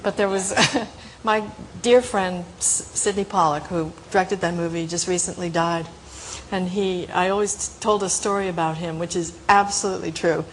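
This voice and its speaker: A middle-aged woman as a talk show guest, telling a lively anecdote with frequent laughs. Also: lowish voice, moderate pace, slight background noise, low-quality recording. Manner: animated, laughing storyteller.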